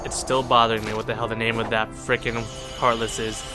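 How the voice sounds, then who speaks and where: A man's voice: mid-range voice, little pitch movement, a little fast. A young man giving casual, rambling let's play commentary, joking and talking back to the characters on screen. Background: game music.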